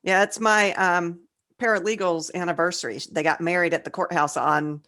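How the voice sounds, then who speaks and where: A woman with a somewhat low voice chats casually as co-host of a writing podcast. She tells groan-worthy jokes and reads definitions out slowly, sounding slightly tipsy and loose. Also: fairly even intonation, bright, forceful tone. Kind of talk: casual chat.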